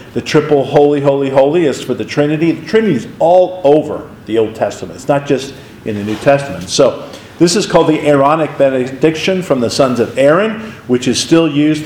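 A man teaching a Bible study as a pastor, conversational and animated, telling stories with asides. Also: medium pitch, echoey room, poor audio.

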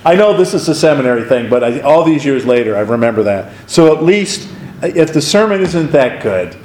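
Male pastor, conversational Bible teacher, animated storyteller, echoey room. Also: mid-range voice, moderate pace.

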